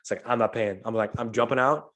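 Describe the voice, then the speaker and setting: This St. Louis man hosts a podcast and talks fast at a medium pitch. Chatting casually, he spins out a lengthy party tale full of profanity, animatedly performing the quotes of everyone involved.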